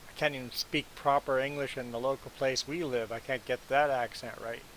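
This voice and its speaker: A man's voice: medium pitch, fairly even intonation, a little fast, a bit bright, a little hiss or hum, rough recording. Chatty man streaming a farm game. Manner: chatty, laughs often, self-deprecating. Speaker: livestream host. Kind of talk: casual livestream chat.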